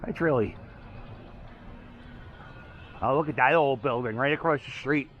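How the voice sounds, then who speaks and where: A man's voice: medium pitch, a little slow, lo-fi sound, a little hiss or hum. A man rambling and joking as he walks his dog outdoors through city streets, filming as he goes. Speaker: vlog host walking his dog. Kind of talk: casual walking commentary.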